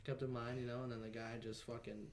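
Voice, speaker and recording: A young man co-hosting a podcast, telling a profane, animated anecdote in casual chat. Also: mid-range voice, fast. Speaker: podcast co-host. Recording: echoey room, noisy background.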